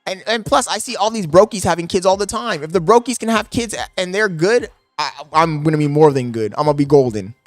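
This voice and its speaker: A young man chats with his live audience, half yelling into his microphone, swearing and laughing as he goes. His voice sits a little high and sounds dry and close. Faint music plays underneath. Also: expressive, brisk, few pauses, no echo. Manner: loud, yelling into the mic, profane, laughing. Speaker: streamer. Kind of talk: casual live-stream chat. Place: apartment. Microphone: desk microphone.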